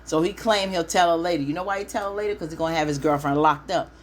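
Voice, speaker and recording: A woman's voice: sits low, fast, a little hiss or hum. Chatty woman recapping a TV show. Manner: chatty, opinionated, talks straight to viewers. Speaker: TV recap host.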